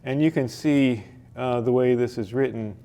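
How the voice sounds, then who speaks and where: A man teaching a poetry workshop in a library, hesitating often with fillers and restarts, and reading verse aloud slowly with the stresses marked. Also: medium pitch, mellow. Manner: reads verse slowly, marking stressed syllables.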